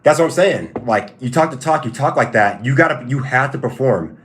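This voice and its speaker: A man's voice: mid-range voice, lively intonation, fairly quick. A man hosting a casual livestream who answers chat questions in a repetitive, stop-start, emphatic way. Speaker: livestream host and fighter.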